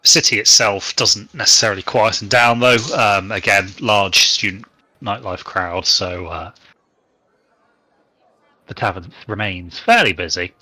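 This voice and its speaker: A man narrating a tabletop game as game master, in a relaxed, rambling way with many fillers. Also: on the low side, measured pace.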